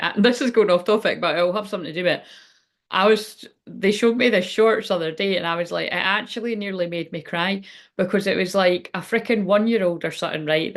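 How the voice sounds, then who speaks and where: A middle-aged woman giving a casual tarot reading, rambling and frank, swearing freely. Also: on the low side. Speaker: tarot reader. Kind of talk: casual spiritual reading chat.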